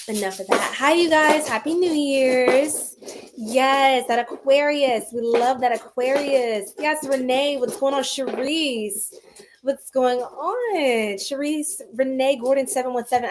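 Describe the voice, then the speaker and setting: A bubbly young woman hosts a psychic livestream, greeting viewers by name. Her voice sits a little high, and she laughs often in loose, casual chat. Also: a little hiss or hum.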